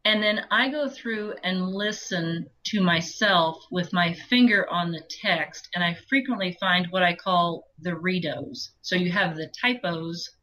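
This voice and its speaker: Interview guest: a woman narrator, bright and lively, slightly low voice, chatty storyteller. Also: a little slow, hardly any pauses, low-quality recording. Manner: chatty, animated storytelling with laughs. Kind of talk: casual interview chat.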